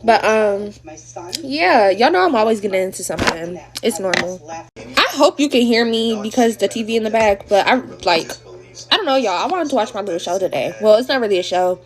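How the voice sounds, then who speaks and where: A woman's voice: mid-range voice, a little fast. Slangy teen girl storytime. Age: teens. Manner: chatty, slangy, animated retelling. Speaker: TikTok creator. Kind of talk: get-ready-with-me storytime. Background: TV playing.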